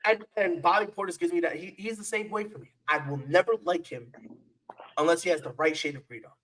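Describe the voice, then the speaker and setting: A man's voice: sits high, quick pace, fairly bright tone, poor audio. A man co-hosting a sports podcast, talking in a playful, repetitive trash-talk style. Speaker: podcast co-host. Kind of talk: casual sports chat.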